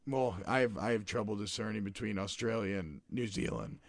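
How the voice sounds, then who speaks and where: A man's voice: on the low side, fairly quick, gravelly, no room sound. A man hosting a casual podcast discussion about a film. He rambles, restarts his sentences and asks lots of questions. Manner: rambling, self-correcting, questioning.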